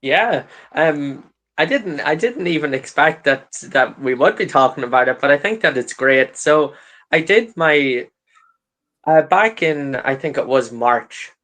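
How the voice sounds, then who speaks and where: A man's voice: on the high side, expressive, measured pace, fairly bright tone. A man appearing as a guest on a casual online chat show, talking in an easygoing, slightly hesitant way.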